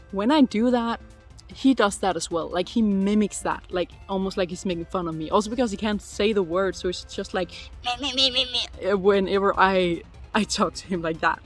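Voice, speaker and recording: Giggly chatty woman in her twenties. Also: medium pitch. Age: 20s. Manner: chatty and giggly, full of "like" fillers. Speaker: vlogger answering viewer questions. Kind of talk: casual chat. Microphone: phone.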